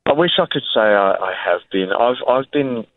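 A man's voice: medium pitch, expressive, moderate pace, no echo. A man calling in to a radio show, talking with many fillers and self-deprecating remarks. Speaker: singer calling in. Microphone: phone line. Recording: tinny dry phone line.

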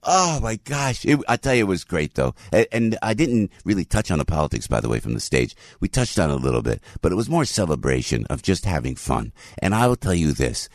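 A middle-aged man hosting a radio show, telling a story with excited emphasis. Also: extremely low pitch, dry recording, studio quality. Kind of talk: animated storytelling monologue.

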